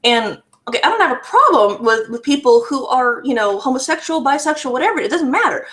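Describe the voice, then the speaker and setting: A woman shares a personal story in a vlog, giving earnest, raw testimony and often restarting and repeating her words. Her high voice is sing-song, brisk and fairly bright.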